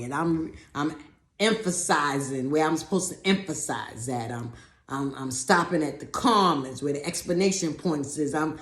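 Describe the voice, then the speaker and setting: A woman telling a personal story in a talk, animated, acting out other people's voices and often repeating words. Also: deep voice, echoey room. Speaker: speaker giving a talk.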